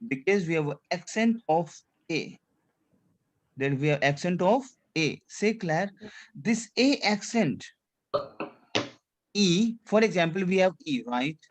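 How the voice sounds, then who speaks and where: A man with a high-sitting voice and lively intonation teaches a French class slowly, leaving long pauses. He repeats his points, asks learners to repeat after him, and mixes French check-ins such as "c'est clair" into English.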